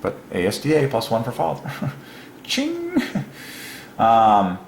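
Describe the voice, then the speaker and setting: A man hosting his own video channel, talking through an excited solo monologue that rambles, exclaims and breaks into chuckles. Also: lowish voice, measured pace, creaky, slight background noise. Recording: roomy echo with faint ambience.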